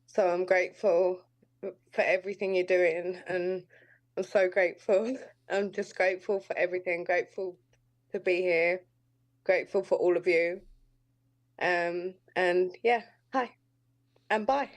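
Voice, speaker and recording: A woman's voice: on the low side, steady tone, unhurried, long pauses. A woman with a London accent sharing at an online recovery meeting, hesitant and full of fillers. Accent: London English. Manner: hesitant, many fillers, grateful. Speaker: meeting participant. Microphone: video call.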